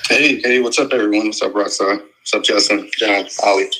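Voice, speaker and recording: A man casually telling how he got into software development, with lots of fillers and restarts, on an audio chat app stream. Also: fairly low pitch, a little fast, rough recording. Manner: relaxed, rambling with many fillers. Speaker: guest developer.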